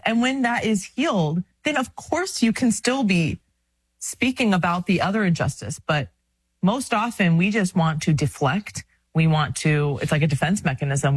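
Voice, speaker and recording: A woman's voice: fairly low pitch, breathy edge, no room sound. A woman in her thirties co-hosting a casual faith talk, earnest and chatty, often breaking into laughs. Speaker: podcast co-host.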